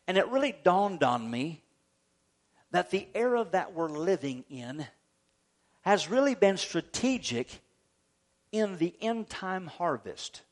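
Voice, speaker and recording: A man's voice: sits high, big pitch swings, slow, pauses often. A man preaching a sermon as pastor, telling a story, acting out the voices of the people in it and calling for amens.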